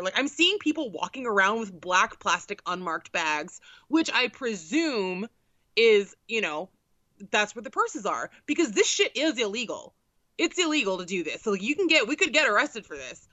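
Animated, foul-mouthed young woman storyteller. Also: mid-range voice, moderate pace, no room sound, dull audio. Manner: profane, animated, exasperated. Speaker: storyteller co-host. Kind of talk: casual comedic storytelling.

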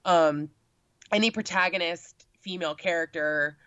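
Young woman, casual chatty guest, lowish voice, lo-fi dry sound. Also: moderate pace, dry recording. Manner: chatty, lots of filler words, animated when quoting. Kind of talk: casual chat. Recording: dull lo-fi sound.

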